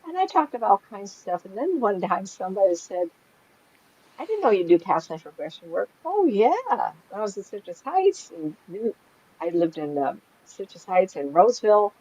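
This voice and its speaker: A middle-aged woman tells stories in a relaxed, chatty way, breaking into laughter as she goes. Her voice sits at an ordinary pitch for a woman. The recording sounds a little dull and lo-fi. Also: normal speed, husky. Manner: animated, laughs often while telling stories. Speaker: psychic medium guest. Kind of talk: casual storytelling chat.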